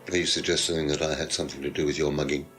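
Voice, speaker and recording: A man's voice: rumbling low, little pitch movement, very fast, a bit bright, soft background music. An actor playing a condescending, evasive male teacher under suspicion, speaking in a video game. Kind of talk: full-motion video game acting.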